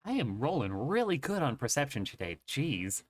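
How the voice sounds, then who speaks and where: A man's voice: mid-range voice, big pitch swings, moderate pace, husky. A man playing a tabletop game, chatting casually and teasing the others, laughing often. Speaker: player.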